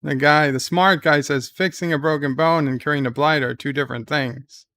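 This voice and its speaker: A man hosting a relaxed live watch-along, retelling scenes in his own words and answering chat questions as they come in. His voice sits a little high but carries a gravelly rasp at the edges, with a smooth, resonant core. The sound is close and dry. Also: normal speed, dry recording. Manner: loose recapping of scenes, reads viewer chat questions aloud; thinks out loud with fillers and restarts. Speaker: live commentary host. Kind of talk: casual live episode commentary.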